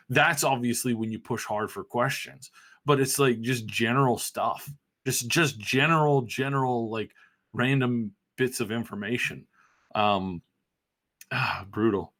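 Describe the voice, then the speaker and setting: A man's voice: medium pitch, a bit bright. A man in the middle of his range holds forth on a casual podcast. He rambles and restarts often, piling up fillers as he goes. His talk is loose, heated and unscripted. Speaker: podcast host.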